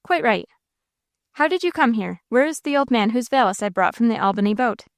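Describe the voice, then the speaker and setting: A woman voicing a cold, scheming young gentleman villain in an audiobook, speaking coolly and sternly. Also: on the high side, animated, brisk, dry recording, clean studio sound. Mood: cold, probing. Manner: cool, stern, sneering.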